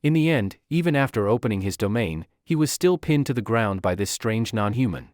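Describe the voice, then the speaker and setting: A man narrating a comic recap story with a dramatic, animated delivery. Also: fairly low pitch, a little fast, hardly any pauses, no room sound, studio quality.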